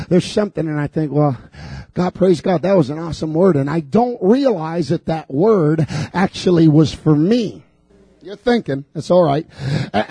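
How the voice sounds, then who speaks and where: A man preaching a fervent sermon in a church, building repeated declarations up to shouts. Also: on the high side, gravelly, slightly rough, no room sound. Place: church sanctuary.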